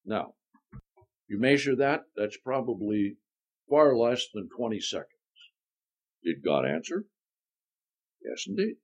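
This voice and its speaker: A man's voice: lowish voice, sing-song, takes it slowly, pauses often, breathy edge, highs cut off. An older male preacher who teaches a Bible sermon in a conversational way with folksy asides.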